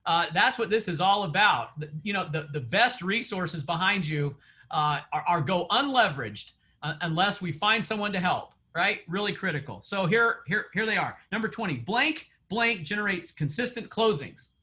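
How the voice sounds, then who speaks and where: High bright-voiced male coach, chatty, laughs a lot, quizzes the class. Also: expressive, moderate pace. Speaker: real estate coach. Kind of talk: online coaching session.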